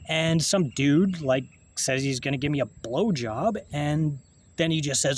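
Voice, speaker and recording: A man, talking in a halting, rambling monologue to camera, full of restarts and swearing. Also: a little high, a little hiss or hum. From Canada.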